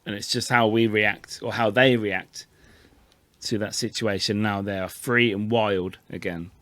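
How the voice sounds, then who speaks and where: Man, podcast co-host, deep-ish voice, teasing banter, dry recording. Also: steady tone, a bit bright, no room sound. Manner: teasing, quick reactions. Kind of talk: casual chat.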